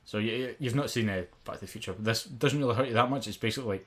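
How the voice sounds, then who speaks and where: A man's voice: medium pitch, rapid-fire. A Scottish man in his twenties co-hosting a podcast, rambling and swearing in casual chat. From Scotland. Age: 20s. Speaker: podcast co-host.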